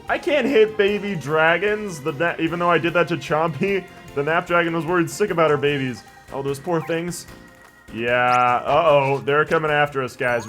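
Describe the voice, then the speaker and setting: A man's voice: a little high, a bit bright. A young man hosting a let's play, chatting in a rambling, jokey way and reading game dialogue aloud. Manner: rambling, jokey, reads game text in voices. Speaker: gaming channel host. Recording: faint background game music.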